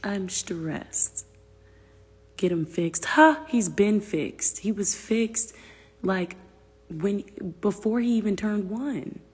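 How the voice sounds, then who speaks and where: A woman's voice: medium pitch, takes it slowly, warm tone, breathy edge, big-room sound. A woman venting on a phone livestream, exasperated and profane, often dropping into whispered asides.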